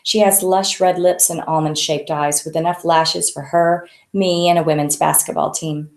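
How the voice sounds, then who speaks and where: A woman author reading her own novel aloud in a conversational, unhurried way. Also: low voice, steady tone, creaky. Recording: echoey room.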